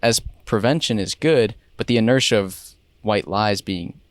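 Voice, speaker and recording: A man's voice: fairly low pitch, moderate pace, no echo, studio quality. A man co-hosting a podcast in casual chat, musing reflectively on ideas. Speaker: podcast co-host.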